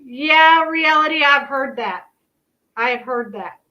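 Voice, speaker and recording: High, bright-voiced chatty woman. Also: animated, a little slow, lo-fi sound. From Kansas. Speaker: host. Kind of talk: casual commentary.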